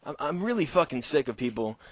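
A man's voice: on the high side, sing-song, brisk, no room sound. A man hosting a call-in radio show, rambling through a casual monologue with heavy swearing and frequent laughter.

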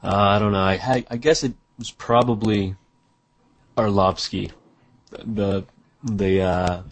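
Gravelly, husky-voiced laid-back man. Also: on the low side, steady tone, slow.

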